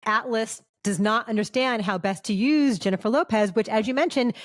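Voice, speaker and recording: A woman's voice: a little high, moderate pace, dry recording, studio quality. A woman co-hosting a casual movie review chat, blunt and wry, swearing casually. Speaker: film critic co-host.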